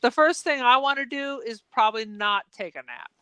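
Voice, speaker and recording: High bright lady cohost, dry close mic, exasperated emphatic movie chat. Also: moderate pace, smooth, no room sound. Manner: exasperated, emphatic, laughs often. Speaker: podcast co-host. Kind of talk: casual movie-review chat.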